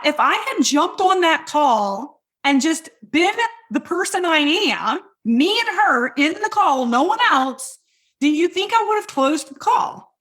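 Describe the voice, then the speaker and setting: A middle-aged woman hosting a podcast, coaching listeners on sales in a loud, hypey, direct way. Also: high-pitched. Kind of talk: energetic teaching monologue.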